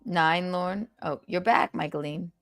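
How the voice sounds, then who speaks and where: A woman with a New York accent hosts a loose livestream talk show, pushing and teasing her co-host between rambling asides. Her voice sits low and has a gravelly fry. She sounds a bit under the weather. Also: measured pace, soft background music. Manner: teasing, pushy, rambling with fillers. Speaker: podcast host. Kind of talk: casual chat on a livestream.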